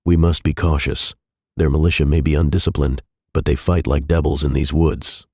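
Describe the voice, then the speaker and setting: A man's voice: rumbling low, level tone, normal speed, warm tone, husky, no echo, studio quality, exaggerated voice. A man voicing a cautious, disciplined German general in a narrated historical story.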